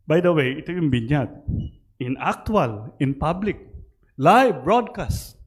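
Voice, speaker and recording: A priest preaching a sermon in church, switching between Tagalog and English with lively, rising emphasis. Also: mid-range voice, takes it slowly, long pauses.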